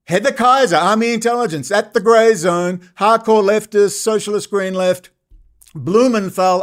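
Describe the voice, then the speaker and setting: A man's voice: sits high, animated, moderate pace. An Australian man hosting his own channel, ranting angrily in a profane monologue and mocking others in sarcastic put-on voices. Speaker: channel host.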